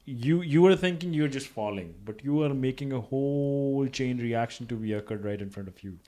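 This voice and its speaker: A man's voice: medium pitch, moderate pace, dark tone. A man from India, hosting a podcast and speaking earnestly, often restarting his phrases. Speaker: podcast host. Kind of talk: casual podcast chat.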